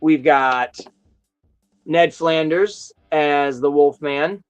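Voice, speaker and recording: A man with a notably high voice hosts a casual live stream and rambles through his stories with eager excitement. Faint music plays underneath him. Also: drawn-out words, clean tone, muffled recording. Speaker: host of a toy chat live stream. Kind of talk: casual chat.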